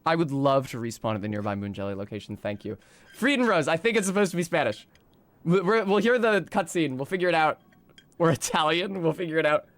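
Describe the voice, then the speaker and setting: A man streaming a video game, giving excitable, profane commentary and talking to himself as he plays. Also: a little high, a little fast. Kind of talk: casual gameplay commentary.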